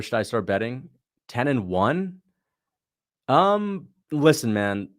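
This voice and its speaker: Man, livestream host, casual watch-along commentary, slangy and chatty, mid-pitched voice. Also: animated, slow pace. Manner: slangy, chatty, answers viewers.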